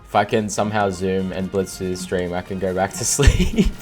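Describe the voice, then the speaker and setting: Very deep-voiced young Australian man. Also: fairly even intonation, moderate pace, darkish tone, soft background music. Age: 20s. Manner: rambling, filler-heavy, laughs often. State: tired, no sleep. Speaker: gaming streamer. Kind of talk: casual gameplay commentary.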